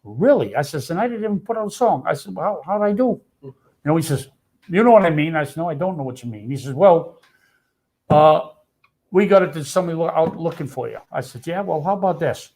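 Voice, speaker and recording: A man's voice: a little high, expressive, fast talker, a little mellow, breathy edge. Blunt older storyteller man. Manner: blunt street-tough storytelling with profanity. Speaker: storyteller guest. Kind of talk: casual storytelling.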